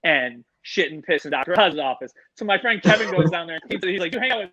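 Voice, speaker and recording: A man, a podcast guest who works with animals, telling a story in an animated way and swearing freely. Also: on the high side, brisk, dry recording, poor audio.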